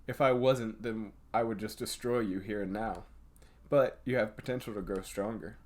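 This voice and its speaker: A man's voice: lowish voice, fairly even intonation, normal speed, lightly acted. A man voicing a proud commanding dragon lady. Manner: louder and slightly raised when voicing her. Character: powerful proud female dragon, calm and commanding.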